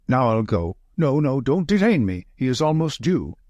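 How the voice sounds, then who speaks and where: A man's voice: medium pitch, sing-song, moderate pace, darkish tone, no echo, natural voice. A man reading the part of a thin, nervous male estate manager in an audiobook, gasping out short sentences. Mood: agitated.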